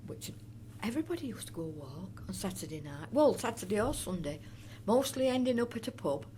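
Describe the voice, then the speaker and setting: Here is a sing-song, brisk, mid-range voice with a dark tone, plus a faint hiss or hum. It belongs to an older North East Derbyshire woman giving an oral history interview. She reminisces chattily and ramblingly, restarting often and dropping in fond asides.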